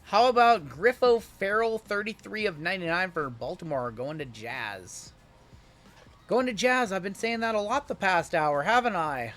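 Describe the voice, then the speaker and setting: A man with a high, bright voice calls out card pulls on a live break stream. He keeps an upbeat, chatty patter and teases his viewers about what might be coming. Faint music plays softly behind him. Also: very animated, moderate pace.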